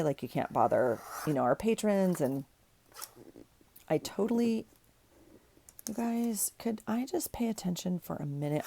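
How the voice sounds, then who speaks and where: A woman's voice: sits low, gravelly, no room sound. A woman in her forties telling a story in a casual, chatty way while she works on a journal, filling it with lots of "like"s. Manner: chatty, animated retelling with many "like"s. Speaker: journaling vlogger.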